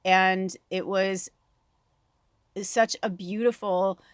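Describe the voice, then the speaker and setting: A woman's voice: medium pitch, drawn-out words, smooth, no room sound. Chatty spiritual woman, dry close sound. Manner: candid, swears freely, laughs often, animated. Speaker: spiritual medium and oracle reader. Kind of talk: rambling personal chat.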